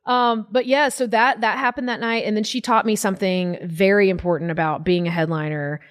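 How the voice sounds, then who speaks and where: A young adult woman comedian, telling a story in casual talk, animated, swearing and acting out the voices of people she quotes. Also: medium pitch, brisk, smooth. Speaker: guest comedian.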